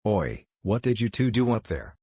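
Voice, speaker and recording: A lecherous, nosy older male ninja who pushes for gossip, as a male reader gives him voice. His lines come out low and dry, close to the mic. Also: very animated, moderate pace, a little mellow, husky, no echo.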